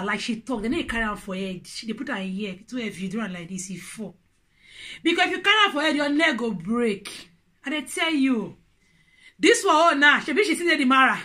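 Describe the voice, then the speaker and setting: A woman with a Nigerian Pidgin accent talks straight to camera and hands out relationship advice. Her high, bright voice is animated and playful, with a preachy edge. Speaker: vlogger. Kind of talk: casual advice monologue.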